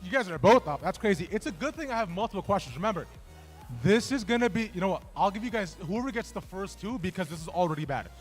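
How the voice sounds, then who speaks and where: Fast and animated, a man with a high-sitting voice runs a trivia game at a large indoor gaming event, bantering jokingly and casually with contestants over soft background music.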